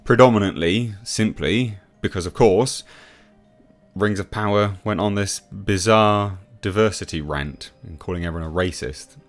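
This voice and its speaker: A man with a very low voice runs a scoffing commentary vlog, breaking off often with filler sounds. Soft music plays faintly underneath. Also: normal speed. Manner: mocking, scoffing, frequent uh fillers. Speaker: YouTube commentator.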